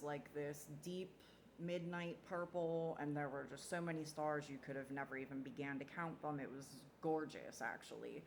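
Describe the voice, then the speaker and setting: Woman, deep voice, rambling casual dream story, drops the odd swear word. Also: slight background noise.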